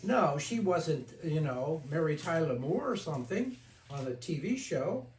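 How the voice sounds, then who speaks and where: A man's voice: on the high side, big pitch swings, a little slow, recorded from a distance, a little hiss or hum. An older man, a therapist leading a group discussion, speaking frankly and telling stories, sometimes mimicking the voices of people he quotes. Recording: echoey room, voice from off-mic.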